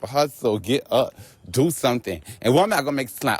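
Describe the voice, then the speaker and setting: A man vlogging outdoors on a walk, telling a story in an animated, profane rant. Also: mid-range voice, fairly quick, no echo. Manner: animated, profane, laughing asides.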